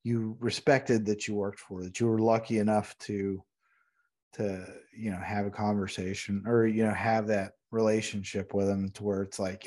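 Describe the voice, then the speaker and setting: A man telling an animated story as a podcast guest. He is a retired Navy veteran who laughs and acts out the people he quotes. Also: fairly low pitch, moderate pace. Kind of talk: casual storytelling.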